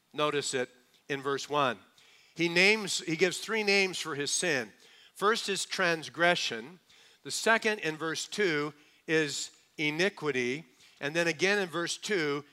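A man preaching a sermon to a congregation, asking them questions and swinging between hushed, quick asides and slow, emphatic lines. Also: a little high, smooth. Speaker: pastor.

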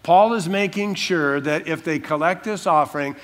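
A man with a fairly high, somewhat bright voice preaches an expository sermon as a pastor. He's emphatic, slowing down to stress key words.

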